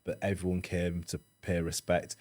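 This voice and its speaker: A man with a Yorkshire accent and a low, deep voice speaks as a podcast guest. He talks slowly and reflectively, often stopping and restarting his sentences as he works out what to say. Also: monotone, darkish tone. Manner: halting, restarts often, thinks aloud. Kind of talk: reflective interview talk.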